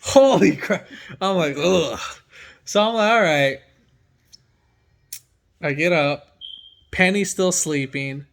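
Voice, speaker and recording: A man's voice: on the high side, slow, vocal fry, pauses often, a bit bright. A man who works as a mechanic from home, telling a story in casual chat and acting out his own reactions with energy.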